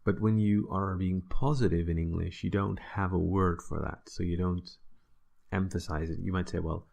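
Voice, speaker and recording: A man with a deep, gravelly voice talks through a language lesson at an unhurried pace. His explanations wander with fillers and frequent "right?" checks, like a relaxed one-on-one tutor. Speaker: language teacher. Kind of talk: casual spoken lesson.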